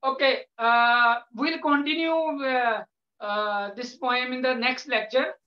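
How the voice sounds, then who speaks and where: A male English lecturer with an Indian English accent, patiently explaining to a class with frequent pauses. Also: very high-pitched, fairly even intonation. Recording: echoey room, dull lo-fi sound.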